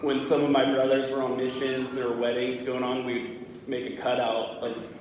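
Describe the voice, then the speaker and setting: A man speaking at a memorial, halting and emotional, with many fillers, in a large room. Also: mid-range voice, completely flat delivery, background noise. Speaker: eulogy speaker. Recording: echoey hall from far off.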